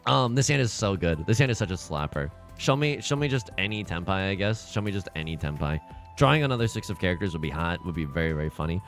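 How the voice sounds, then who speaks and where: A young man chatting casually on a livestream as he plays mahjong and reads chat aloud, joking and animated. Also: low-pitched, quick pace, faint music behind. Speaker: streamer playing online mahjong.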